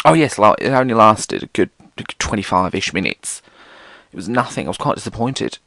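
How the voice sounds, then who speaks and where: A British man rambling through a casual solo podcast, sweary and theatrical. His voice sits fairly low and gravelly but swoops around animatedly. The sound is close and completely dry. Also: lively intonation, moderate pace, a bit bright, no room sound. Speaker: podcast host.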